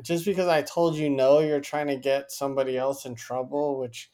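A man's voice: mid-range voice, level tone, moderate pace, darkish tone. A man in casual chat, laid-back and teasing.

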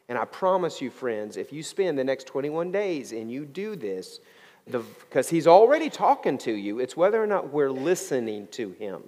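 A male pastor delivering a sermon, drawing out scripture readings slowly and pressing his points to the congregation. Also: in a large hall. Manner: preaching with lively swings in pitch, slowing down on scripture readings.

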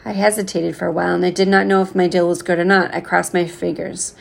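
Gravelly woman reading a novel. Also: fairly low pitch, little pitch movement, quick pace. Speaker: reader.

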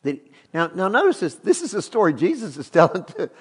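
A middle-aged man preaching a sermon as a pastor, emphatic and animated as he retells a story. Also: high voice, a little fast, slightly rough. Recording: long hall reverb.

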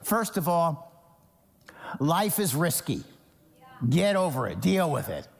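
A man from New Jersey preaching a sermon as pastor, animated, acting out Bible characters in quoted voices. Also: on the high side, takes it slowly, gravelly, long reverb tail.

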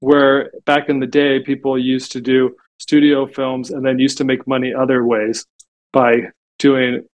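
He's unhurried, with a mid-range voice that barely moves in pitch. The man is a podcast guest, casually telling stories in an interview and filling spaces with "like" again and again.

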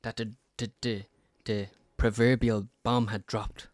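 A man's voice: lowish voice, flat delivery, unhurried, no echo. A young man co-hosting a podcast, telling a story in casual, rambling chat with many stop-start restarts. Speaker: podcast co-host.

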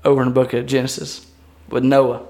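A man co-hosting a church podcast. His voice sits at an ordinary pitch, and he tells jokey stories in easygoing, chatty talk. The delivery stays loose and conversational. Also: level tone, a little fast, a little mellow. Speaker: podcast co-host. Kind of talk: casual chat.

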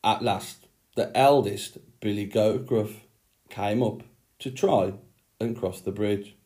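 Man teacher reading to kids, slow and clear, lowish voice. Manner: slow, clear, expressive storytelling. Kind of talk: reading a story aloud to children, then a handwriting lesson.

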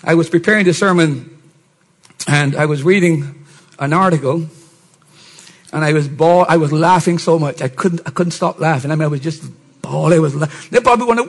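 A middle-aged man, a pastor, preaching a sermon and often rising to shouted emphasis with mocking put-on voices. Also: a little high, a little fast, low-quality recording.

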